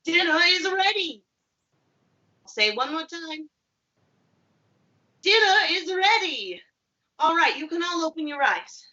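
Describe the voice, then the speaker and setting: A woman playing a friendly chef who teaches children, speaking patiently and clearly to viewers at home. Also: high-pitched, expressive, sharp tone, dull audio. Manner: patient, clear and encouraging, with deliberate pauses. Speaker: children's theatre educator.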